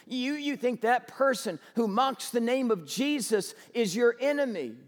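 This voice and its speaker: High-voiced preacher in an echoing hall. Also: male voice, a little slow. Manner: animated storytelling, rising to shouts. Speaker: pastor. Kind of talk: sermon.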